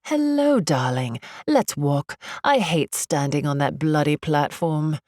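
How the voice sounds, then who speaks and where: A woman's voice: low-pitched, lively intonation, slow, a little mellow, no room sound, clean studio sound, exaggerated voice. Woman putting on a haughty British socialite. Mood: brittle haughty. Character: glamorous upset British society wife.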